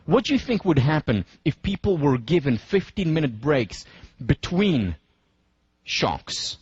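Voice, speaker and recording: Husky-voiced man giving a deliberate lecture. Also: mid-range voice, big pitch swings, darkish tone, dry recording, muffled recording. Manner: deliberate, emphatic, slows down to stress points; walks listeners through scenarios step by step. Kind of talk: university lecture.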